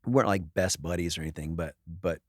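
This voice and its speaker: A man's voice: sits low, quick pace, dry recording, clean studio sound. A man talking as a podcast guest, candid and earnest, with frequent restarts and casual swearing. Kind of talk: casual chat.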